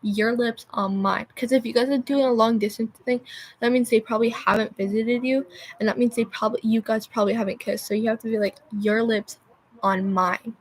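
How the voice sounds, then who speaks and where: A woman's voice: on the high side, fairly even intonation, quick pace, darkish tone, husky. A young woman chatting on a livestream, rambling and losing her train of thought with constant filler words. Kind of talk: rambling live-stream chat.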